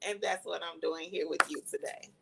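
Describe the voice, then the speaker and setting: A woman's voice: fairly low pitch, steady tone, fairly quick, creaky, pushed and bright, a little hiss or hum, poor audio. A woman sharing her personal testimony in an earnest, reflective storytelling manner. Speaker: guest, cancer survivor sharing testimony. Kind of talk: personal testimony in casual talk.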